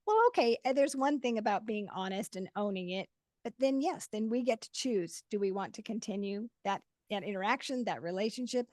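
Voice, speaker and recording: A woman's voice: mid-range voice, a little fast, darkish tone, dry recording, studio quality. A woman hosting a casual interview, affirming her guest and laughing along. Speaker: podcast host.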